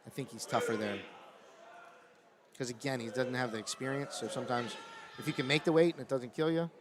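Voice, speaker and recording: A man giving live color commentary on a high school wrestling match, explaining tactics in a conversational way and getting excited at big moves. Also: fairly quick. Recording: loud gym crowd and noise behind. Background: cheering crowd in a gym.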